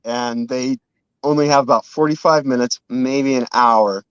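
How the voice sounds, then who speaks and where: A man's voice: medium pitch, fairly even intonation, unhurried, clear, resonant tone, no echo. Brief: easygoing male co-host, mid voice, dull lo-fi mic. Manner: laid-back, agreeing, with hesitant fillers. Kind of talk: casual live-stream chat.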